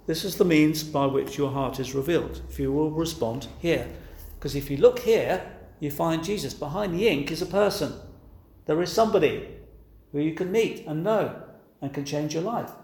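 A man delivers an earnest, pleading sermon, pressing his hearers again and again with direct questions. His voice sits a little higher than most men's. It rings out in a roomy, echoing space. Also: moderate pace, a little mellow. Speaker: preacher. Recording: echoey room.

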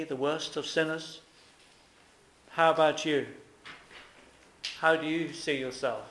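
A man's voice: fairly high pitch, fairly bright tone, echoey room, slight background noise. A man preaching a sermon earnestly, with emphatic repetition and rhetorical questions to his congregation.

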